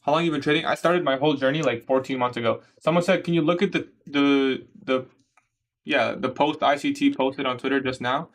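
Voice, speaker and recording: A young man from Canada casually chatting on a trading livestream, answering viewer questions in a relaxed, slangy way. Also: mid-range voice, brisk. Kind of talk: casual livestream chat reading comments.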